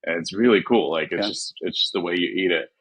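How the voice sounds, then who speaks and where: A man talking casually as a guest about his barbecue cooking, relaxed and quick to laugh. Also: low-pitched, breathy edge, no echo, rough recording. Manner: relaxed, laughs easily, trails off. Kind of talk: casual chat.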